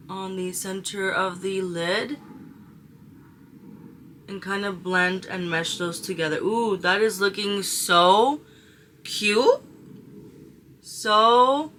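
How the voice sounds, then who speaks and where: A woman's voice: medium pitch, pushed and bright, a little hiss or hum. A young woman chatting casually through a makeup tutorial, gushing over colors and sprinkling in slang. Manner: chatty, gushing, uses slang like "she is giving". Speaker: beauty vlogger.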